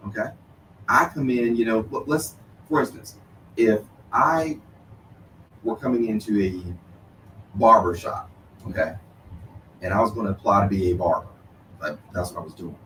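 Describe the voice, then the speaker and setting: Male lawyer guest, lowish voice, explains things patiently, sits back from the mic in a roomy space. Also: moderate pace, long pauses, bright, forceful tone, a little hiss or hum. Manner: explanatory, uses "you know" and "okay" a lot. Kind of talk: radio debate. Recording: roomy distant sound with faint ambience.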